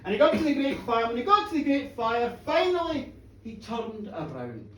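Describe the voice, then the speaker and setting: A woman telling a folk tale live, dramatic, moving from hushed murmurs to shouts. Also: a little high, big pitch swings, normal speed. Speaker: storyteller. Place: bar, live performance before an audience. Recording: roomy, distant live bar recording.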